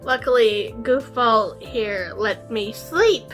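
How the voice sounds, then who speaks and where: Casting: young woman, high and slow-spoken, sleep-deprived, playful vlog co-host with dramatic outbursts. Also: lively intonation, music in the background. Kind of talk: casual home vlog chat.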